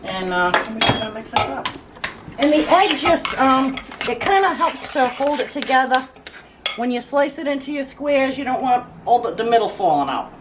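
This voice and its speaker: A woman's voice: high voice, animated, moderate pace, noisy background. A woman hosting a home cooking demonstration, chatting in a casual, joking way as she cooks. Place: home kitchen. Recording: echoey kitchen, mic at a distance, cooking clatter.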